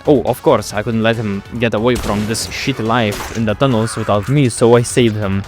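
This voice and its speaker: A man's voice: fairly low pitch, fairly even intonation, normal speed. Sarcastic profane young man narrating a game. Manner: sarcastic, profane, mock-dramatic. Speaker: gaming video creator. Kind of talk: comedic game commentary voice-over. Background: game music.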